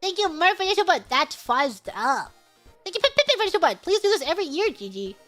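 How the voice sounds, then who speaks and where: Young woman streamer, high bright voice, giggly and bubbly, reading superchats over faint music. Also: very animated, fairly quick. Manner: bubbly, giggly, sings snatches of songs. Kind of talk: casual livestream chat.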